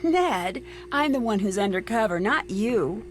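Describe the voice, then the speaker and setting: An actress playing a calm, level-headed young woman detective in a mystery video game. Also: mid-range voice, measured pace, soft background music, close to an everyday voice. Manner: calm, matter-of-fact.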